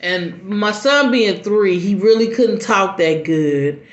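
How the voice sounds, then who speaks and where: A middle-aged mother telling a personal story in an earnest, halting way with many restarts. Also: mid-range voice. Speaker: mother sharing advice. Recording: roomy, dull lo-fi recording.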